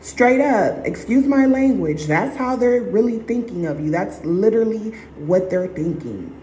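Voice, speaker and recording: A woman vlogger gives relationship advice in a blunt, repetitive way and swears casually. Her voice is mellow and mid-pitched. It echoes in a roomy space with faint noise behind it. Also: animated, moderate pace. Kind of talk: emphatic advice talk.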